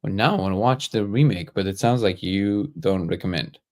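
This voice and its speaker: Hosting a casual livestream, a low-pitched man answers viewer comments at a normal pace, relaxed and joking as he thinks aloud.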